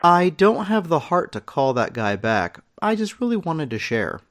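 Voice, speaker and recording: A man hosts a comedy podcast, reading absurd ads and listener letters with a dry, mock-serious delivery. His pitch moves in a lively way around a middle register. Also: normal speed. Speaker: podcast host.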